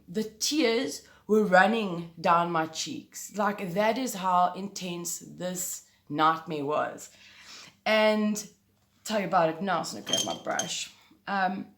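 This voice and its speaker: A woman's voice: medium pitch, echoey room. A woman vlogger casually and emphatically telling a story to the camera. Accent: South African. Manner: animated, emphatic, swears mildly.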